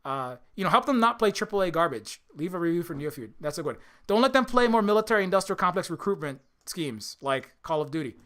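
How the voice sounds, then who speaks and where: High-voiced rambling man. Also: quick pace, few pauses. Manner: rambling, animated, profane, many restarts. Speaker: indie game developer streaming. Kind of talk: casual rambling stream talk.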